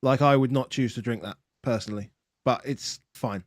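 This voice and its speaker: A man's voice: mid-range voice, moderate pace, no echo, clean studio sound. A man co-hosting a casual sports podcast, chatty and rambling, laughing easily and restarting his sentences. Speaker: podcast co-host. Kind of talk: casual chat.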